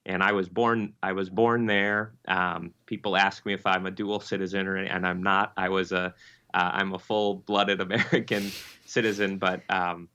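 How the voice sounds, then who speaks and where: A pastor from Michigan with an Upper Midwest accent, answering interview questions in a halting way with many ums and restarts. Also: male voice, sits low, little pitch movement, pushed and bright, clear, resonant tone, dull audio. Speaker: Lutheran pastor, interview guest.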